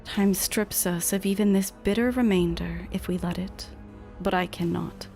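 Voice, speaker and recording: A woman's voice: mid-range voice, steady tone, normal speed, gravelly, warm tone, soft background music, lightly acted. A woman whispering as a haunting shadow spirit, whispered role-play. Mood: solemn.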